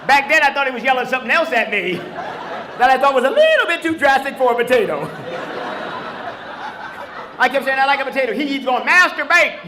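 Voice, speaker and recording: A man with a high-pitched voice does a stand-up set in a club, teasing the crowd and swearing freely. The live audience murmurs and laughs underneath him. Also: lively intonation, fairly quick, long pauses, roomy sound, background noise. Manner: brash, profane, teasing the audience. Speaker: stand-up comedian. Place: comedy club stage.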